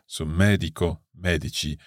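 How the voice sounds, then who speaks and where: A man's voice: low voice, steady tone, moderate pace, no echo, studio quality. A man co-hosting an Italian language lesson, summarizing examples and spelling words out letter by letter. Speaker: co-host, learner of Italian.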